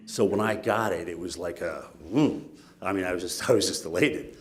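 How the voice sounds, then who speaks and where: A man giving a keynote speech, telling stories in an animated, self-mocking way. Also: low-pitched, normal speed. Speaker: keynote speaker.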